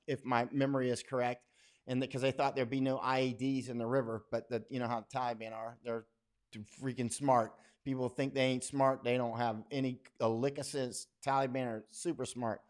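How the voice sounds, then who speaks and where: A man hosts a casual livestream, reading viewer comments and drifting into stories. His talk is folksy and blunt, full of asides and restarts, at a middling pitch. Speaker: war correspondent and livestream host.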